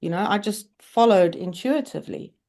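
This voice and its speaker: A woman's voice: medium pitch, expressive, moderate pace, warm tone. A woman in her forties, a podcast guest telling her personal story in conversation, candid and earnest. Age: 40s.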